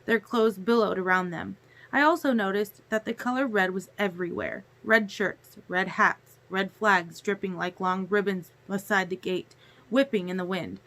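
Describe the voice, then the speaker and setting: A woman narrating a novel chapter aloud in a steady storytelling manner. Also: medium pitch, normal speed. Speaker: audiobook reader. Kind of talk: audiobook narration.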